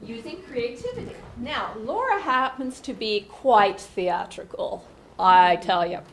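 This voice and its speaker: A woman teacher leads a lively workshop, coaxing the crowd into call-and-response. Her voice sits high and leaps around with animation. Faint noise hangs in the background. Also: unhurried.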